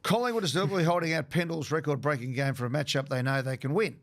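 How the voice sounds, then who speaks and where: An Australian man hosting a sports radio segment, briskly leading the talk through a list of teams in casual banter. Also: a little high, fairly bright tone. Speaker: radio host.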